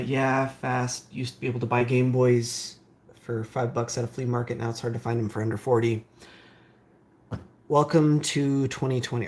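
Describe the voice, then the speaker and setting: Rambling man reading chat on stream. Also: medium pitch. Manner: reads viewer comments aloud and answers them; rambling, with frequent fillers. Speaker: streamer building game consoles. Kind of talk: casual live-stream chat.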